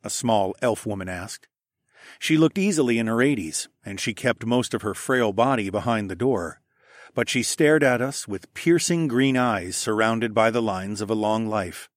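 A man reading a first-person fantasy audiobook in a steady, measured way. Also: lowish voice, no room sound, studio quality. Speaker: audiobook narrator.

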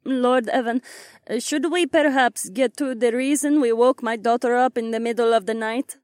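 A man's voice: very high voice, steady tone, moderate pace, no room sound, clean studio sound, pitched above the performer's own voice. A man voicing a polite, formal middle-aged noblewoman in an audiobook. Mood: flustered.

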